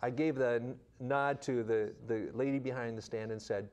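A man's voice: medium pitch, normal speed. A middle-aged man telling stories in an interview as a children's missionary, acting out the people he quotes. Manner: animated storyteller acting out quotes. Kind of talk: storytelling in an interview.

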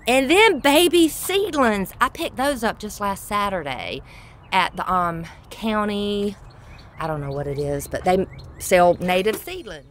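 A woman vlogging in her garden outdoors, chatty and excitable, cooing sweetly at her pets. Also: medium pitch, a little slow. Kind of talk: casual vlog narration.

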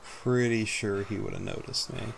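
A man's voice: fairly low pitch, fairly even intonation, normal speed, gravelly, slight background noise. Rambling, self-mocking male gameplay commentator. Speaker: gaming YouTuber.

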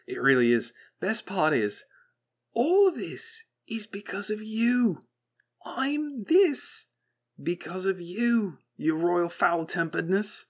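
A man doing Wheatley, manic rambling robot. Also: husky. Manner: rambling, flippant, lurching up high in excitement. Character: manic chattering male robot, bumbling and bitter. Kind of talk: audiobook character voice.

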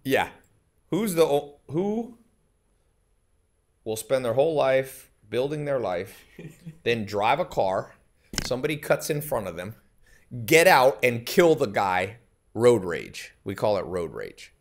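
A man's voice: mid-range voice, big pitch swings, slow, pauses often. A man talking as a podcast guest in casual conversation, emphatic and anecdotal, often laughing in the middle of his sentences. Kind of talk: casual chat.

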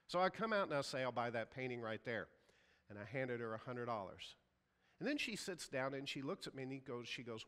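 A man's voice: medium pitch, sing-song, fairly quick, a bit bright, big-room sound. A man preaching a sermon as a pastor, telling a story and acting out the people in it. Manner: storytelling, acts out quoted voices. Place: church sanctuary.

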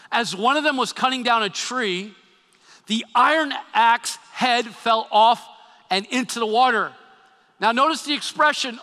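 A man preaching a sermon as pastor, animated and acting out quotes, often repeating his words. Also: high voice. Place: church sanctuary. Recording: long hall reverb.

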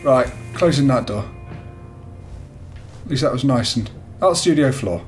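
A man's voice: medium pitch, expressive, unhurried. A man commentating his horror game play, jumpy, swearing, yelping and pleading with the game. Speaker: gamer playing a horror game. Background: game music.

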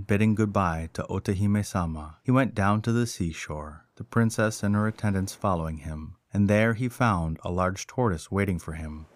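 A man reading a folk tale aloud as scripted storybook narration, calm and measured. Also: deep voice, no room sound.

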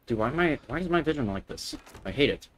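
A man's voice: mid-range voice, expressive, fast, fairly bright tone. A young man giving nervous, chattering commentary while playing a horror game and talking to the game. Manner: jittery, talks to the game, nervous chuckles. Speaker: gamer.

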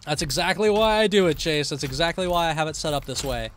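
A man's voice: on the high side, fast, slight background noise. A man streaming a horror game, commenting live, yelping when startled and muttering to himself in between. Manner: excitable, yelps and shouts when startled, then mutters quietly. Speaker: gaming streamer.

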